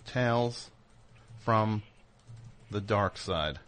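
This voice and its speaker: A man hosting a call-in radio show, talking in an animated, rambling way full of restarts. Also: lowish voice, very slow.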